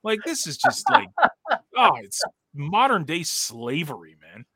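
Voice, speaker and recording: A man's voice: a little high, sing-song, measured pace, sharp tone. A man co-hosting a sports podcast, ranting in an exasperated way. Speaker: podcast co-host. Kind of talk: casual sports chat.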